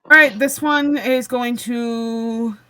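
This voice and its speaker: A woman's voice: fairly high pitch, fairly even intonation, slow pace, sharp tone, rough recording. A woman running a tabletop game as game master, giggly and full of ums.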